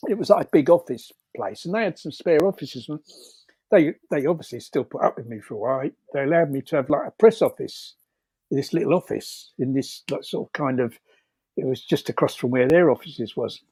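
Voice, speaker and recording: A man's voice: mid-range voice, lively intonation, brisk, darkish tone, husky, no echo. A man telling rambling anecdotes over a video call, laughing often, with many fillers and restarts. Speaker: storyteller guest.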